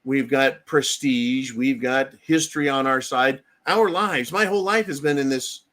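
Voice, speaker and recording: A man's voice: mid-range voice, a little slow, a bit bright. A man from the United States hosting a livestream, giving blunt political commentary, swearing freely and often tagging his points with "right?". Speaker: livestream host.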